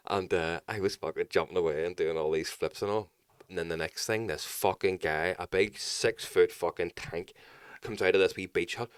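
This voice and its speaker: Deep-voiced man telling stories. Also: brisk, clean tone, dry recording, clean studio sound. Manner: swears freely, animated storytelling with loud quoted voices. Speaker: podcast co-host. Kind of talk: casual chat, storytelling.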